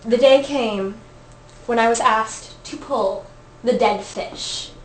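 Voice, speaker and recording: At an open mic in an event room with an audience present, a woman tells a funny personal story, chatting freely and laughing often. Her voice is a little high and her pace slow, with a crowd audible behind her. The room is echoey and the mic is distant and noisy.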